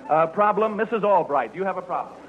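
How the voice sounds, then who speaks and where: A fairly high-voiced male emcee with a cheerful, ribbing delivery, chatting up contestants and playing to the crowd. The sound is dull and boxy, like an old radio broadcast, with a faint hiss underneath. He keeps things bouncing along in a studio setting. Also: lively intonation, fast. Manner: jovial, teasing, often laughing. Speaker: game show host. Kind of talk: radio game show emceeing.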